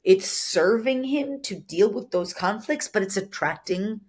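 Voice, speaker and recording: A woman teaching in a solo podcast, earnest and explanatory, with a husky voice that is soft yet firm, now and then acting out short quoted lines. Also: mid-range voice, expressive, a little slow. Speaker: spiritual business coach.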